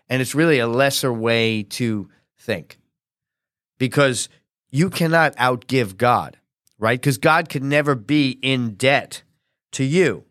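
A male pastor preaching in a relaxed, conversational way, often tossing tag questions to his listeners. His voice sits at an ordinary middle pitch. The sound is close and dry, with no room echo. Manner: animated acted-out quotes. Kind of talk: conversational sermon teaching.

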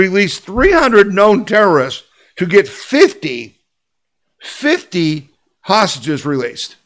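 Delivering opinion commentary on his podcast, this male host speaks in a high-sitting, fairly bright voice. He's combative and emphatic, hammering his points again and again and posing rhetorical questions to the audience.

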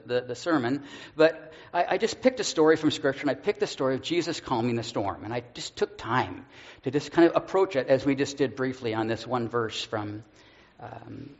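An earnest male pastor tells a personal story from the pulpit, stumbling over his words now and then and laughing at himself. His voice sits at an ordinary pitch. The recording sounds dull and lo-fi. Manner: earnest, self-deprecating, with stammered restarts and laughs. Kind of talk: personal testimony in a sermon.

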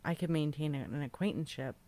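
A woman's voice: deep voice, quick pace, warm tone. A woman co-hosting a podcast, chatting casually and talkative, often correcting herself mid-sentence. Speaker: podcast co-host. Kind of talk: casual chat. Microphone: remote recording platform.

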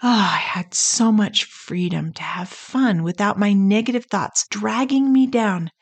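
A middle-aged woman hosting a podcast, talking through a scripted, personal reflection in an earnest, measured way. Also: medium pitch, breathy edge. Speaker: podcast host.

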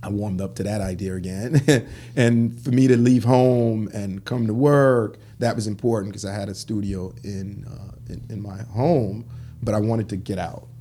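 Husky and lowish, this man's voice moves at a normal speed. He's a clothing store founder appearing as a guest in a relaxed interview, animatedly sharing business anecdotes and acting out what people said.

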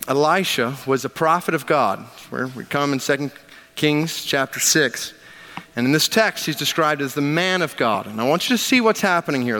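A man's voice: fairly high pitch, pushed and bright. A man preaching a sermon as pastor, reading scripture aloud and talking it through in an emphatic, conversational way with joking asides. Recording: long reverb of a large hall.

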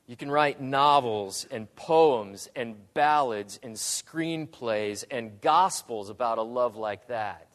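A man preaching a sermon, dramatic in delivery, dropping to a hush and rising to loud pleas. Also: mid-range voice, slow pace, few pauses, long reverb tail. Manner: dramatic, swings from hushed to loud.

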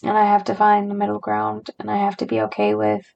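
A young adult woman hosting a podcast, talking through her feelings in a halting, searching way, with frequent sighs and fillers. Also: mid-range voice, monotone, creaky, dull audio. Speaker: podcast host. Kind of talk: personal reflective monologue.

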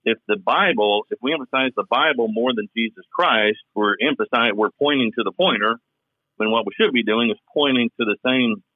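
A man's voice: medium pitch, fairly quick, dry recording. A man from Kentucky with a Southern drawl, co-hosting a podcast and talking through his views at length. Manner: thoughtful, explaining at length. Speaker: podcast co-host. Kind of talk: casual podcast chat. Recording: tinny phone line.

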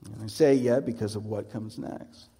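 A man's voice: on the low side, steady tone, moderate pace, mellow, slightly rough. Reflective male preacher in a reverberant hall. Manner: conversational, reflective, asks many rhetorical questions. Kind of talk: sermon.

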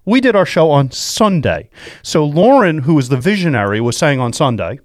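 A man hosting a radio show, giving an excitable, repetitive motivational pep talk from home. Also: fairly high pitch, moderate pace, dry recording, studio quality. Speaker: radio show host and real estate investor. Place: at home during quarantine.

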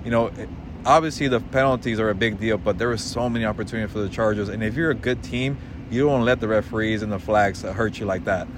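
A man co-hosting casual sports analysis, talking in a measured way with many fillers and restarts. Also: fairly low pitch, noisy background. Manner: measured, filler-heavy, hesitant. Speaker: co-host.

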